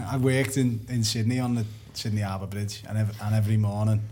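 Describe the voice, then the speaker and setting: A man's voice: lowish voice, flat delivery, fairly quick, dark tone, a little hiss or hum. A man in a casual podcast chat telling an anecdote, laughing through it and swearing freely.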